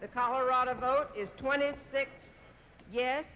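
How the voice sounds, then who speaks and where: High-voiced woman chairing a roll call. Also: fairly even intonation, measured pace. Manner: calls states and repeats each vote back. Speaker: convention chair. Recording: muffled old TV broadcast, faint hiss.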